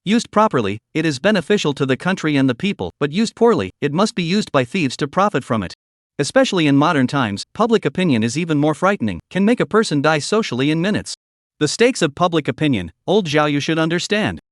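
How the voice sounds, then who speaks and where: Brief: male recap narrator, very fast delivery, bone-dry sound. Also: fairly high pitch, big pitch swings, dry recording. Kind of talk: scripted story narration.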